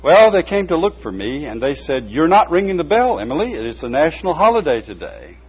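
A man voicing a small, sturdy older woman custodian with a piping voice, who speaks slowly, firmly and plainly. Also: fairly high pitch, very animated, husky, voice pushed up. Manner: slow, firm, plainspoken. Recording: dull lo-fi recording with faint hum.

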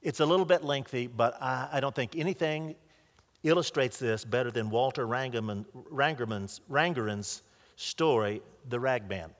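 In a mid-range voice at a moderate pace, a man preaches a sermon by earnestly retelling a story, restarting a few small phrases. He is in a large hall or church with long reverb.

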